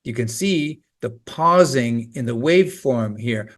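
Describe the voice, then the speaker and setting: A man's voice: mid-range voice, expressive, unhurried. A man teaching test preparation in a scripted, emphatic, coaching explanation.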